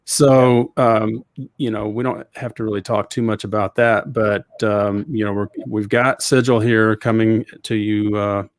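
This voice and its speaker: Southern host, middle-aged man, low-ish voice, dry close sound, folksy and rambling. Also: fairly even intonation, a little slow, no echo. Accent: Southern US, Georgia. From Georgia, US. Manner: folksy, rambling, lots of fillers. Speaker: podcast host. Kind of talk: casual interview chat.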